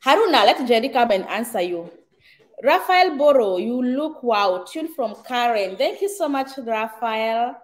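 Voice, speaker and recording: Kenyan woman, middle-aged, livestream host, slightly high voice, chatty, greets viewers by name. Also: lively intonation, unhurried. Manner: chatty, reads viewer comments aloud, mixes in Swahili. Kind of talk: casual livestream chat.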